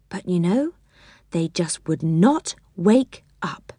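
A woman reading a children's story aloud, expressive and unhurried. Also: lowish voice, breathy edge, no room sound, studio quality.

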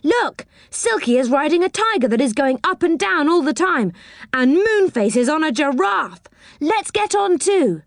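A woman's voice: fairly high pitch, big pitch swings, measured pace, no echo, clean studio sound, pitched above the performer's own voice. Woman doing an eager young boy, storybook style.

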